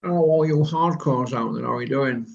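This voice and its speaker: A man with a Birmingham accent hosting a casual online chat, blunt and rambling, quick to laugh. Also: medium pitch, creaky. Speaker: host. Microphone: video call. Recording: muffled lo-fi video call audio.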